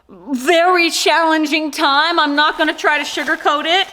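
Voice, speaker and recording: Bubbly woman vlogger, higher voice, giggly, rambling unboxing chat. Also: unhurried, sharp tone, slight background noise. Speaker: corset maker and vlogger.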